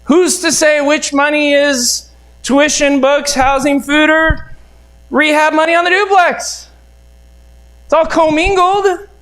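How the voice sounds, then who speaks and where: Animated high-voiced man telling a story. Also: slow pace, poor audio. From United States. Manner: animated, acts out both sides of conversations. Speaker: real estate investor and mentor. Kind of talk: storytelling seminar talk.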